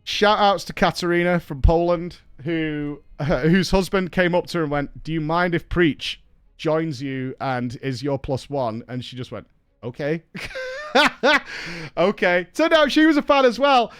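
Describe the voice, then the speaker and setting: A man hosting a casual stream chat, telling an animated story with laughs and casual swearing. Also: a little high, unhurried, smooth, soft background music. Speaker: streamer host.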